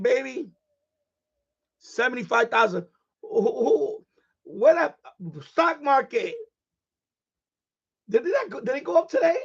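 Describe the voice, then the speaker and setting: A man's voice: extremely high pitch, fairly bright tone, breathy edge, lo-fi sound. A man hosting a live stream in casual chat, boisterous and profane, laughing often.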